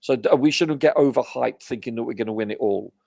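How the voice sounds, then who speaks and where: A man's voice: mid-range voice, fast, vocal fry, darkish tone, no echo, studio quality. A man on a live football review panel giving earnest, emphatic opinions, often hedging with "you know". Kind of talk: casual live match review.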